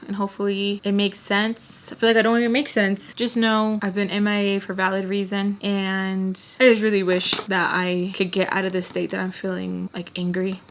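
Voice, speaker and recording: A woman's voice: mid-range voice, a little hiss or hum. A young woman talking straight to her viewers in a casual vlog, rambling and emotional, close to tears. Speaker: storytime vlogger.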